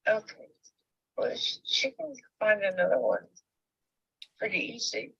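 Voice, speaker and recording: A woman with a rough, gravelly, raspy voice chats casually over a call. Her pitch moves up and down a lot, and the sound is dull and dry. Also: very animated, unhurried, a bit bright, no room sound. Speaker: caller. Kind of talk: casual phone chat. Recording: muffled lo-fi call audio.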